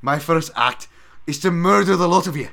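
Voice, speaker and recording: A man putting on a put-on Scottish accent to voice a gruff, hot-tempered cartoon janitor with a loud, growling brogue. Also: fairly high pitch, normal speed, voice pushed up. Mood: blustering.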